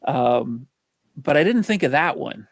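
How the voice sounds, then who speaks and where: A man's voice: mid-range voice, expressive, measured pace, vocal fry, dry recording, studio quality. A man co-hosting a movie podcast, chatting casually with easy chuckles and reading off ratings and facts. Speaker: podcast co-host. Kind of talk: casual chat about movies.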